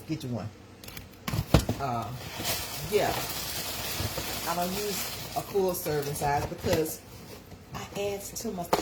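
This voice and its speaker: A woman's voice: deep voice, background noise. A woman hosting a casual live-stream chat from her kitchen, folksy and chatty, talking straight to her viewers.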